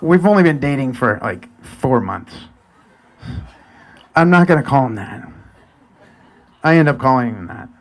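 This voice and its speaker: A man in his forties telling a personal story live, chatty and animated, sometimes dropping to a near whisper. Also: medium pitch, a little slow, long pauses. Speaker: storyteller and event host.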